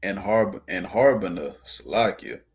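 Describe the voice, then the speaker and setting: A man reading scripture aloud in a steady way, now and then stumbling on names. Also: deep voice, measured pace, breathy edge. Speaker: scripture reader.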